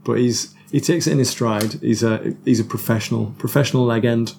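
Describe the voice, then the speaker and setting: A man talking casually on a podcast, laughing at himself and circling back over his words. His voice has a gravelly rasp at mid pitch. There is a faint noise under the recording. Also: fairly even intonation, brisk, darkish tone. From North East England. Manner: chatty, self-deprecating, lots of restarts and laughs. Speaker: guest musician.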